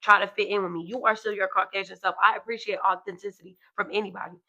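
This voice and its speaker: A woman in her thirties talks frankly and emphatically as a podcast co-host, her voice bright and edged with gravel. The audio is dull and lo-fi. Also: mid-range voice, fairly even intonation, quick pace. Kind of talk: casual chat.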